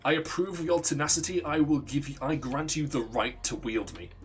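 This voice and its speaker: A man's voice: on the high side, brisk, slight background noise, close to an everyday voice. A man voicing an aloof fire god. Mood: lofty. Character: sentient fire god, cold, aloof, judging.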